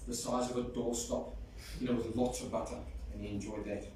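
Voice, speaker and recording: A man's voice: mid-range voice, little pitch movement, brisk, warm tone. A man giving a fond, storytelling eulogy at a funeral. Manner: fond storytelling, sings a folk song. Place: large echoey hall at a funeral. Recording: echoey hall from far off, faint noise.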